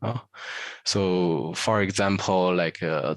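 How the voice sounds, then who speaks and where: A man from northern China with a Chinese accent, a Mandarin teacher explaining language points in a casual interview, pausing often with "uh" fillers. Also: lowish voice, a bit bright, dry recording. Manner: hesitant, many "uh" fillers, models Mandarin phrases.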